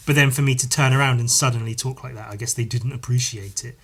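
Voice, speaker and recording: A man with a bright, forward voice talks through a casual solo podcast episode. He rambles, stops to correct himself and restarts his sentences. He drops swear words freely into everyday chat. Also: mid-range voice, fairly even intonation, fast, husky. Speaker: podcast host.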